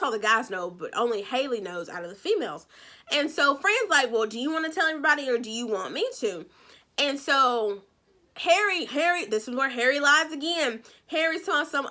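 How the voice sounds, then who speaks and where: A woman vlogger giving a casual, animated and blunt recap of a reality show, with some swearing. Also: high-pitched, normal speed.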